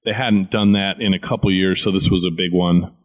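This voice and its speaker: A man's voice: sits low, fairly even intonation, a little fast. A man co-hosting a casual chat who explains comic book news at length and answers his co-host with short agreeing replies. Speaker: comic shop owner, podcast co-host.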